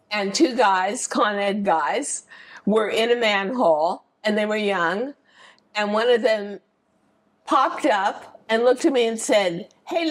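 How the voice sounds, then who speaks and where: An older American woman telling stories from her career in an interview, animated and acting out the people she quotes. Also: medium pitch. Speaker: interview guest. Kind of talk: storytelling in an interview.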